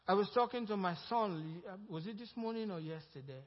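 A pastor preaching a sermon, rising into loud emphatic passages and calling out to the congregation for responses. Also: male voice, high-pitched, lively intonation, fairly quick, hardly any pauses. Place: church. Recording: reverberant church hall, dull lo-fi sound.

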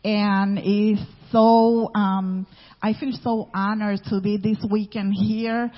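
A middle-aged woman, a minister's wife, speaking gently to a congregation with many pauses and ums. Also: medium pitch, little pitch movement. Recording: dull church hall sound with reverb.

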